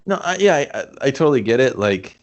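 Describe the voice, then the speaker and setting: A man's voice: mid-range voice, very animated, quick pace, muffled recording. A man co-hosting a movie review podcast, rambling casually with swearing and frequent laughter. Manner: rambling, profane, laughs often. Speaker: podcast co-host.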